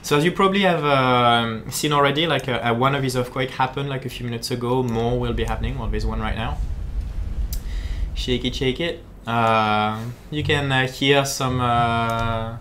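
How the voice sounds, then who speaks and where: A man speaking as a game designer, giving chatty, halting live-stream commentary while he plays, full of fillers and repeated words. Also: mid-range voice, fairly even intonation, sharp tone, a little hiss or hum. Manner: chatty and jokey.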